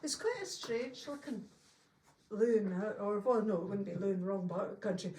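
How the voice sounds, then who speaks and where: A woman telling a folk tale to a live audience, lively and laughing often as she acts out the voices. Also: mid-range voice, moderate pace, a little hiss or hum. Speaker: storyteller. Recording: roomy, from a distance, faint ambience.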